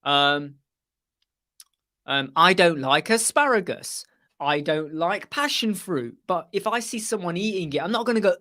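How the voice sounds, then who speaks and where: A man's voice: high voice, animated, unhurried, bright, forceful tone. A man hosting a live web chat, rambling casually and mimicking other people's voices as he tells anecdotes.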